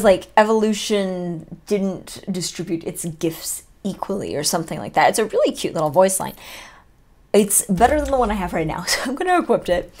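A young woman chatting excitedly as she opens items on her gaming vlog, full of rambling asides. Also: medium pitch. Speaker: gaming vlogger. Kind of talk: casual unboxing commentary.

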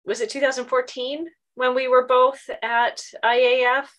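A woman's voice: high-pitched, flat delivery, moderate pace, fairly bright tone. A woman hosting an online community meeting, talking casually with many fillers.

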